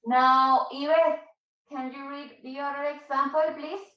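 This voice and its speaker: A woman teaching an English class, explaining patiently and repeating examples slowly for her students. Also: high-pitched, level tone, distant mic, muffled recording. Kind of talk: online English class for Spanish speakers. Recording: echoey room.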